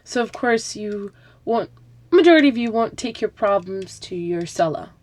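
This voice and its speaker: A woman's voice: medium pitch, lively intonation, normal speed, darkish tone. A woman hosting a live broadcast, talking about faith in a chatty, conversational way, with asides and rhetorical questions. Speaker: host of an Islamic talk broadcast. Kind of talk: casual religious talk. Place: home, packing up with rustling noise.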